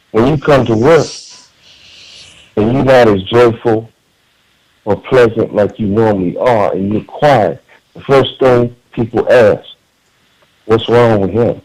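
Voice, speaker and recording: A man's voice: medium pitch, takes it slowly, pauses often, a little mellow, low-quality recording. A man calling in to a radio talk show, speaking in an earnest, emphatic way with frequent repeated words and restarts. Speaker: caller.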